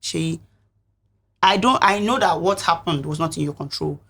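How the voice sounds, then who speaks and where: Husky woman telling her story. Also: on the low side, normal speed, a bit bright. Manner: earnest, reflective storytelling. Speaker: reality show contestant guest. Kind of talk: recounting events in an interview.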